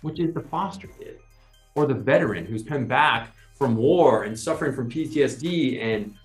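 A man co-hosts a podcast in a casual, animated way, building his case with lots of "right?". His voice sits in the middle range and rings in a roomy space. Faint music plays underneath. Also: mid-range voice, normal speed. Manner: animated, persuasive, often adds "right?". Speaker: podcast co-host. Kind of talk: casual conversational explaining.

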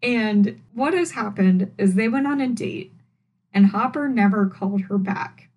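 A woman's voice: medium pitch, unhurried, rough recording. Chatty young woman recapping a show. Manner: chatty and animated, with laughs and wry asides. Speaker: podcast host reviewing a TV episode. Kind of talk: casual solo podcast recap. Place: at home, indoors.

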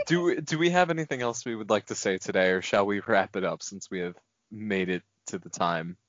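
A man's voice: on the low side, brisk, a bit bright, no room sound, highs cut off. A young man co-hosting a casual podcast among friends, who laughs often and tells stories in loose, rambling bursts. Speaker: podcast co-host.

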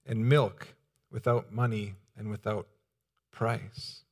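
A young man preaching a sermon as pastor, earnest and pleading, with pauses and restarts. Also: fairly high pitch, lively intonation, a bit bright.

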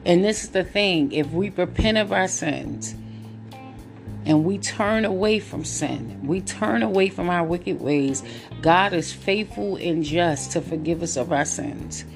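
A woman's voice: lowish voice, unhurried, over music. A woman hosting a relationships podcast, talking casually and laughing, then turning to earnest encouragement. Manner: chatty, laughs often, preachy encouragement. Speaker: podcast host. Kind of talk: casual late-night monologue.

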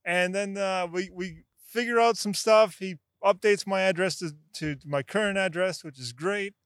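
A young male podcast host tells a story casually, swearing freely and getting animated. His voice sits fairly high. The sound is dry and close. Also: moderate pace, clean tone, dry recording. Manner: animated, profane, swings into excited shouts.

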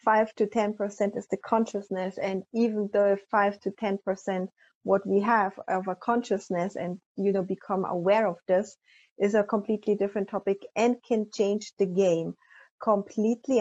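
Animated woman host, dull dry sound. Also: medium pitch, no echo. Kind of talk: podcast interview.

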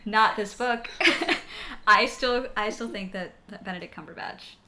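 A woman chatting casually about films, thoughtful and halting, often trailing off quietly. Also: mid-range voice.

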